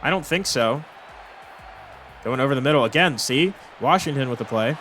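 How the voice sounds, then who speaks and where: A man's voice: medium pitch, animated, normal speed, fairly bright tone, faint music behind. Exasperated young man commentating a game. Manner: exasperated, swearing, rambling complaints. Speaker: gaming commentator. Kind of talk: frustrated gameplay commentary.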